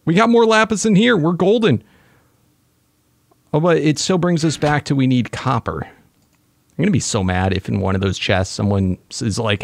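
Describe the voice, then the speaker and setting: Man, let's-play host, excited self-talk, gravelly, dry close recording. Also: mid-range voice, no echo. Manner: excitable, talks to himself while playing. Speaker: gaming channel host. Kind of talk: casual let's-play commentary.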